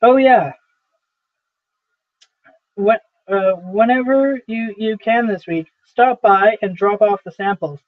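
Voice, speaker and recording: A man's voice: high voice, takes it slowly, long pauses. A man reading as a curt, impatient young boss. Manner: curt, dismissive. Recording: dry, tinny phone-like sound.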